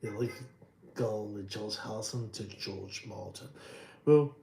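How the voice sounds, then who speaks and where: A man talking casually about his drawings, halting with many ums and restarts and trailing off quietly. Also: fairly low pitch, level tone, creaky, reverberant, low-quality recording. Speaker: artist showing his drawings. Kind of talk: rambling casual talk.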